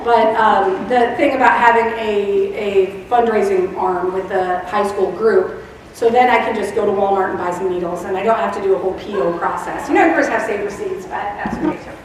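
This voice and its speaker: A woman's voice: mid-range voice, brisk, a little hiss or hum. A woman teacher librarian giving a chatty conference presentation with laughing asides. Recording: echoey hall from far off.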